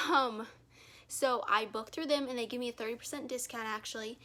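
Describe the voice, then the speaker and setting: A woman's voice: fairly high pitch, fairly even intonation, fast talker, pushed and bright. A woman giving a casual how-to at home, rambling with frequent "um"s and self-corrections, filming on a phone camera. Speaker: reptile keeper vlogger. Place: her home, indoors.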